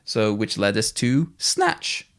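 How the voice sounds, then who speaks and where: A man's voice: lowish voice, wildly swooping pitch, slow pace, a bit bright. A man co-hosting a casual film podcast, rambling and correcting himself as he talks. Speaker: podcast co-host.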